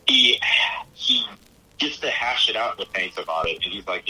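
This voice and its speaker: A man co-hosting a podcast, chatting casually about a film in a rambling, halting way and acting out movie lines. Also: lowish voice, bright, forceful tone, slightly rough, rough recording. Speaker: podcast co-host.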